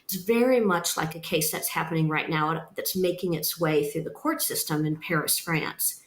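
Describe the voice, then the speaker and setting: A woman with a fairly low voice tells her own story as a podcast guest. She speaks earnestly, leaning hard on each point, and the recording carries a noticeable roomy echo. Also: moderate pace. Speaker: guest, nonprofit founder. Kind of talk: personal testimony in a podcast interview.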